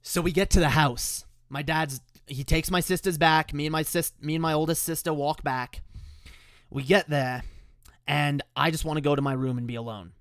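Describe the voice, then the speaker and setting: A man's voice: fairly high pitch, fairly even intonation, moderate pace, fairly bright tone, no room sound, studio quality. A young man telling a painful personal story in a raw, emotional way, swearing often and stumbling over restarts. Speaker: musician telling the story behind a song.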